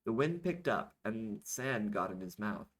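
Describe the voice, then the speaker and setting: A low-voiced man reads his own novel aloud, worn out after a night without sleep. He narrates steadily but breaks off now and then to correct himself or make a quick aside. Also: lively intonation, low-quality recording. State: tired from being up all night. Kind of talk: audiobook-style reading of a serialized novel.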